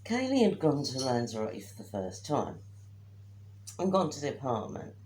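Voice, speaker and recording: A woman, co-hosting a casual chat and telling a story in an animated way, sometimes dropping to hushed asides. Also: a bass voice, normal speed. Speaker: podcast co-host. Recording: faint background noise.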